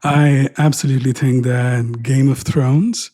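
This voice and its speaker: Mellow, husky middle-aged man musing wryly. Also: medium pitch, steady tone, measured pace, no echo, clean studio sound. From India. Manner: wry, joking and prone to tangents. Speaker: podcast host. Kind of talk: reflective personal monologue.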